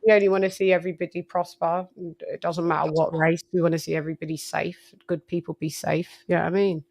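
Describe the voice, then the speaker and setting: A woman's voice: on the low side, level tone, fast, gravelly, a little mellow. A woman hosting a casual boxing talk stream, chatty and swearing freely. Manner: chatty, swears freely, lots of "you know what I mean". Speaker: boxing show host. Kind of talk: casual live-stream chat.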